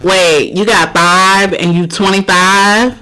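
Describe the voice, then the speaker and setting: Loud laughing reaction host. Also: medium pitch, takes it slowly, slight background noise, poor audio. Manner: animated, laughing, swearing, talks to viewers.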